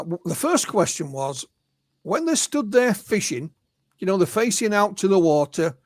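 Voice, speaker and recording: An English man, a guest researcher and author, telling stories in a relaxed interview and often quoting the witnesses he spoke to. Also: high voice, no echo. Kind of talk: conversational storytelling interview.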